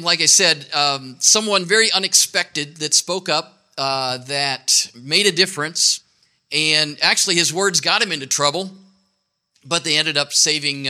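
Bright-voiced pastor, loose and joking. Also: male voice, on the high side. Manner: loose, joking, full of fillers and restarts. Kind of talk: casual sermon to a congregation. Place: outdoor church service.

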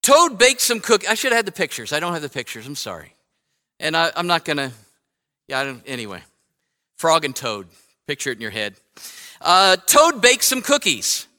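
A man's voice: on the high side, very animated, fairly quick, pauses often, bright, forceful tone. A man preaching a sermon as pastor, reading a children's story aloud and talking conversationally, often correcting himself and asking "right?". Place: church sanctuary. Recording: long hall reverb.

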